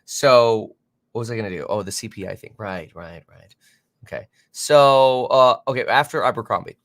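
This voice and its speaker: A man of average pitch runs a live market stream and talks off the cuff. He rambles and reacts on the spot, correcting himself often and filling pauses with fillers. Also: a bit bright, no echo, clean studio sound. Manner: many fillers and self-corrections. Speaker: finance livestream host.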